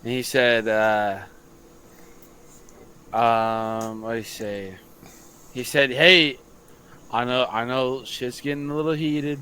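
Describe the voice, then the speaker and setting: A young man, a high school football coach, telling a long story on a casual late-night podcast, swearing freely and acting out what others said. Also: takes it slowly, pauses often, clear, resonant tone. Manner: profane, animated storytelling.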